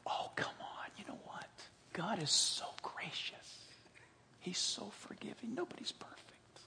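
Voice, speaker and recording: A man's voice: high voice, animated, unhurried, gravelly, sharp tone, exaggerated voice. A man whispering as a sly coaxing devil.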